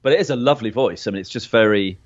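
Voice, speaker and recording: A man's voice: on the low side, very fast. A man co-hosting a podcast, chatting casually about tech, laughing often and restarting sentences. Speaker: podcast co-host. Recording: slightly dull lo-fi sound.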